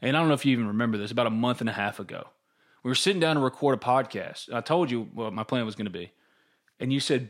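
A man's voice: medium pitch, quick pace. A man, co-hosting a casual sports podcast, talking candidly and acting out his own inner voice. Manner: candid, animated storytelling with quoted inner voices. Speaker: podcast co-host.

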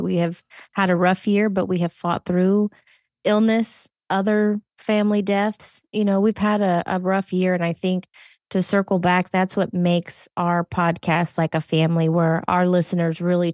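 A woman co-hosting a podcast speaks in a supportive, earnest way. Her voice sits on the low side for a woman, and the recording is dry and close. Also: darkish tone, dry recording. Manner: supportive, chiming in with agreement. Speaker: podcast co-host. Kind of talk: casual podcast conversation.

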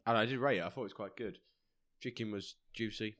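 A man's voice: lowish voice, fast, a bit bright. A young English man co-hosting a podcast, ranting in blunt, jokey banter. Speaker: podcast co-host. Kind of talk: casual banter.

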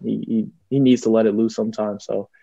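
A man's voice: lowish voice, little pitch movement, brisk, creaky, mellow. A young man, a college football player, answering interview questions casually, with lots of ums and restarts. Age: young adult. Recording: dull lo-fi audio.

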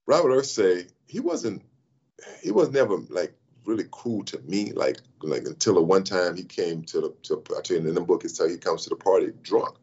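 A man in his sixties speaks in a very deep voice that swings widely as he tells stories. He talks animatedly and restarts sentences often. The audio is slightly muffled. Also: moderate pace, breathy edge. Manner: lively, with many restarts and repeated "I mean". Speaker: interview guest, former pro athlete. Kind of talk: animated storytelling in conversation.

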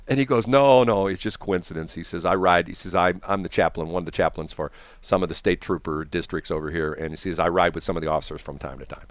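Speaking quickly in a low voice, a Midwestern American man rambles through a story on his morning radio show, animated and laughing frequently. The studio microphone gives a dry recording.

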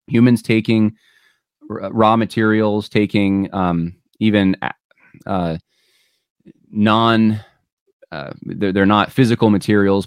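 A man with a low voice hosts a podcast and talks loosely to listeners joining a live stream. He thinks out loud, restarts his sentences and fills the gaps with "uh". The sound is close and dry. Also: dry recording. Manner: thinks aloud with restarts and fillers. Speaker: podcast host. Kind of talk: casual talk to a live audience.

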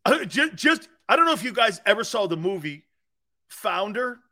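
Animated, bright-voiced sports radio host. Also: male voice, sits high, moderate pace. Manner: rambling, jokey, puts on silly voices and laughs often. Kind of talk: animated sports talk monologue.

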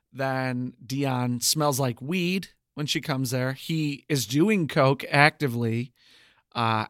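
A man co-hosting a podcast, casually recapping a TV show with wry, sarcastic asides and drawn-out emphasis. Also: medium pitch, fairly bright tone, dry recording, clean studio sound. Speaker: podcast co-host. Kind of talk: casual chat reviewing a TV show.

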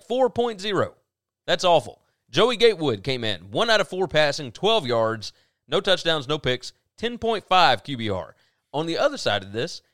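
A man co-hosts a casual football podcast, working through numbers with emphatic delivery. His pitch moves a lot, and the recording is dry and close. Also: a bit bright, dry recording. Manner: runs through stats, emphatic. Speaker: podcast co-host. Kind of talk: casual sports talk.

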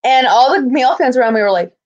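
High-voiced, blunt, swearing woman. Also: fast talker, dull audio. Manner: blunt, swears freely, animated retelling. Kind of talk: casual chat, recounting a story.

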